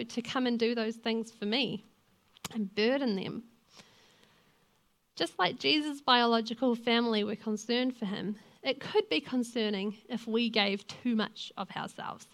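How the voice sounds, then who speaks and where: A woman's voice: fairly high pitch, fairly bright tone. Earnest young New woman preaching. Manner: earnest, conversational, personal. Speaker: lay preacher and youth leader. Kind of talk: sermon with personal stories.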